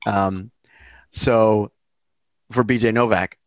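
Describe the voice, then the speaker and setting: A man co-hosting a casual movie podcast, retelling the plot in a relaxed way with casual swearing. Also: on the low side, slow pace, dry recording. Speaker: podcast co-host.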